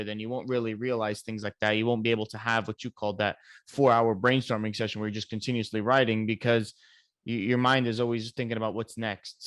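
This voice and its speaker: A man's voice: mid-range voice, a bit bright, clean tone, dry recording, studio quality. A man hosting a podcast interview, talking in a thoughtful, agreeable way. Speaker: podcast host. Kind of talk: casual interview.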